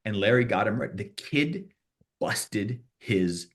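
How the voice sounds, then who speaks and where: Low-voiced guy, boxing manager on a podcast, rambles through anecdotes w/ lots of restarts. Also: lively intonation, takes it slowly, a bit bright. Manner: rambling anecdotes with repeated restarts and quoted dialogue. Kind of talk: podcast interview storytelling.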